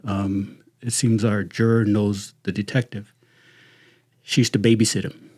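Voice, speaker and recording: A man's voice: lowish voice, little pitch movement, measured pace, darkish tone, slightly rough. A middle-aged man with a Southern Californian accent, a retired sheriff's deputy, telling profane, laughing anecdotes in casual talk. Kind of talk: casual storytelling.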